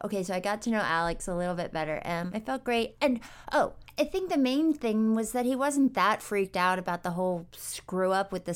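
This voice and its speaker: A woman hosting her own podcast, telling her story in a candid, animated way, with frequent swearing. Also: medium pitch, clear, resonant tone. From New York State, US. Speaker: podcast host. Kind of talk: casual narration and chat.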